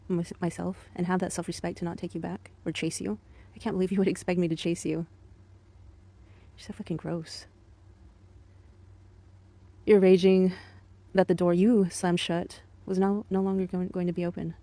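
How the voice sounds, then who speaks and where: Dark, flat-voiced woman venting with contempt. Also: fairly low pitch, normal speed, long pauses. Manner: bitter, contemptuous and profane, in a controlled steady voice. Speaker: vlogger. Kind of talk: angry monologue addressed to an ex.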